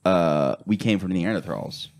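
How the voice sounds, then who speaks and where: A man's voice: low-pitched, lively intonation, measured pace, a little mellow. A young man co-hosting a casual podcast chat, swearing freely and telling school stories while mimicking the people in them. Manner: profane, storytelling, mimics people in quotes. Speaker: podcast co-host.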